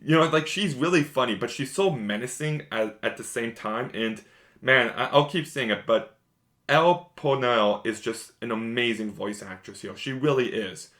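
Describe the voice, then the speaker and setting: A man's voice: mid-range voice, normal speed, fairly bright tone. A man giving a casual, rambling spoiler review of a show, enthusiastic and repeating himself often.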